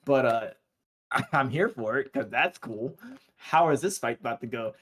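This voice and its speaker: Excited man recapping anime episodes. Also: medium pitch, moderate pace, husky. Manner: excited, rambling storytelling with slangy asides. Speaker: podcast co-host.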